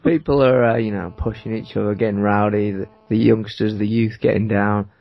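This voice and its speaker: A man, a podcast co-host telling a rambling, animated story and laughing often. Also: lowish voice, fairly quick, creaky. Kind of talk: casual storytelling chat.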